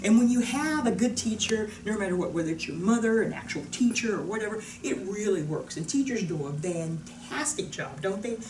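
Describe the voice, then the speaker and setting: A woman who works as a wellness trainer, telling a story to the camera in a casual, animated way. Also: brisk, hardly any pauses, recorded from a distance. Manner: animated, swings into loud high-pitched voices for quotes. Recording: echoey room from off the mic with faint noise.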